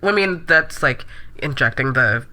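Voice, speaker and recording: A woman's voice: extremely low pitch, lively intonation, unhurried, pushed and bright. A woman comedian chatting as a podcast guest, filling her talk with repeated yeahs and ums. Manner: chatty, lots of "yeah yeah" and fillers. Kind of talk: casual podcast chat.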